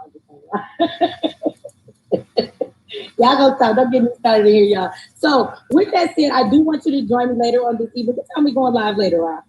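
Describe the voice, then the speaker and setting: A woman's voice: a little high, a little mellow, husky, low-quality recording. A woman hosting a casual livestream, loose and joking as she talks, cussing now and then, streaming remotely from a tablet. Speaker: host. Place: remote location.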